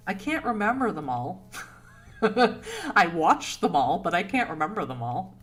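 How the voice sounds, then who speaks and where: A woman's voice: on the low side, big pitch swings, unhurried, soft background music. Chatty Boston woman on a livestream. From Boston, United States. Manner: chatty, laughs often, warm and rambling. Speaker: streamer host answering chat. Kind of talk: casual livestream chat.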